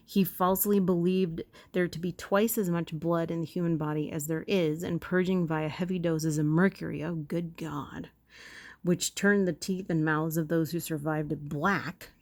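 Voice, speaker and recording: A woman with a fairly low voice reads history aloud and keeps breaking off to make playful asides. She stumbles, corrects herself and comments on what she reads. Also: steady tone, moderate pace, few pauses, a little mellow. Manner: playful, self-interrupting, reacts to the text. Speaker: video host.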